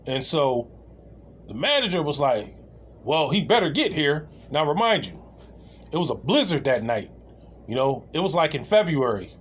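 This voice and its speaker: A man's voice: mid-range voice, sing-song, normal speed, pauses often, slightly rough. A man telling a comedic anecdote in a casual, rambling way, with many restarts and laughs. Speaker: storyteller.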